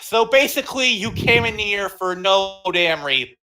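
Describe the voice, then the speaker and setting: A man co-hosting a podcast over an online voice call, recapping episodes in a casual, excitable way with frequent restarts. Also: high-pitched, normal speed. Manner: excitable, restarts sentences, exasperated outbursts. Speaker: podcast co-host.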